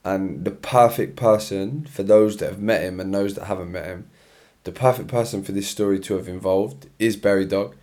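A man's voice: low voice, steady tone, normal speed, darkish tone. Tired, slangy young man. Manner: chatty, slangy, rambling. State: tired, yawning. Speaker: podcast host. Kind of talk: solo podcast chat. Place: his own room. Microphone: own podcast mic.

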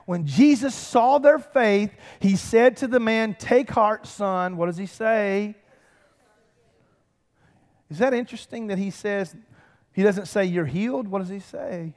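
Male pastor, emphatic sermon delivery, fairly high voice, big echoing church hall. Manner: preaching with swells of emphasis, direct calls to the congregation. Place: large church sanctuary. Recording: long reverb of a big hall.

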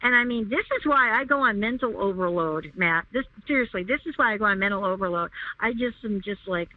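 Female guest on a phone line, medium pitch, emphatic storyteller who repeats herself, dry and tinny. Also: lively intonation, brisk, dry recording. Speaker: interview guest. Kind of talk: recounting a personal story.

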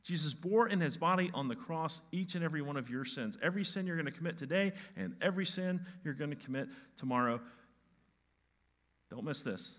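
A man preaching a sermon in a bright, forceful voice pitched a little high. He drops to a hushed tone, then rises to loud, stressed words. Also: lively intonation, brisk. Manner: emphatic, swings from hushed to loud. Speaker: pastor.

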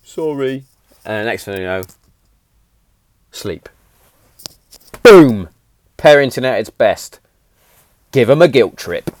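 A man's voice: lowish voice, expressive, slow pace, long pauses, darkish tone, dry recording. A man, telling stories in a blunt, chatty way, often repeating himself and swearing. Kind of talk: casual storytelling monologue.

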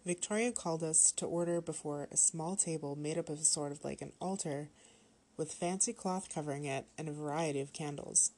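A woman with a notably low voice reads a horror story aloud, calm and steady. Her narration is measured and even as she carries the listener through the tale.

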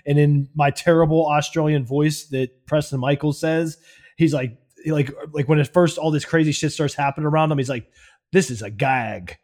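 Male co-host, a touch high-pitched, easygoing casual banter. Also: fairly even intonation, moderate pace, a little mellow. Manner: laid-back, laughing, reads out movie quotes. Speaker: podcast co-host. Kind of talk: casual chat, movie review.

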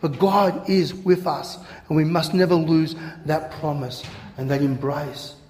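A man's voice: on the high side, measured pace. Man preaching in an echoey hall. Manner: animated, conversational, repeats words and acts out quotes. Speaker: pastor. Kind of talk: sermon. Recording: echoey hall with long reverb.

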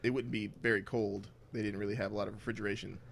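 A man's voice: on the low side, little pitch movement, fast talker, vocal fry, slight background noise. A man hosting a podcast, rambling and laughing through casual banter. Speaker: podcast host. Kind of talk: casual chat.

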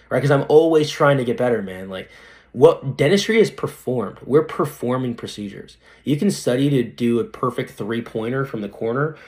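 A young male dentist, mid-range in voice, keeps things loose and slangy as a podcast guest. He's animated, regularly checking "right?" and calling whoever's listening "dude."

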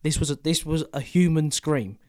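A man's voice: a little high, moderate pace, darkish tone. A man, co-hosting a podcast and telling a sweary story in casual chat. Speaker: podcast co-host.

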